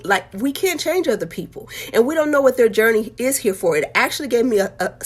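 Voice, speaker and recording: A woman's voice: fairly high pitch, a bit bright. Heartfelt woman telling her own story. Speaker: author sharing her life story. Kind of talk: candid personal testimony.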